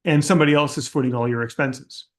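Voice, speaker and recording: A man's voice: mid-range voice, fairly even intonation, fast talker. A man hosting a casual Q&A, talking bluntly and skeptically, thinking aloud with frequent restarts. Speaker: host answering audience questions. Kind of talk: casual Q&A livestream talk.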